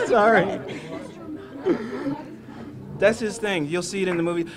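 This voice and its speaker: A man's voice: high-pitched, fairly even intonation, quick pace. Chatty joking young man, crowd around. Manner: joking, chatty, introducing castmates. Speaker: film cast member. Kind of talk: casual event interview. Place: outdoor red carpet premiere. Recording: noisy crowd outdoors.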